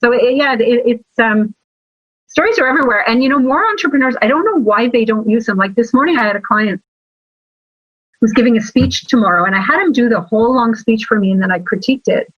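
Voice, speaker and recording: A woman guest talking about sales and marketing in a lively interview, telling stories with emphatic, animated asides. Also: fairly high pitch, fast talker, breathy edge, dry recording. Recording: slightly dull, lo-fi sound.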